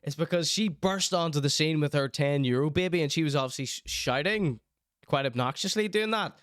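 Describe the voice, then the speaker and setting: A man's voice: on the high side, brisk, a bit bright, no echo, studio quality. A man giving teasing, chatty live-stream commentary on clips. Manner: teasing, chatty, mock-outraged asides.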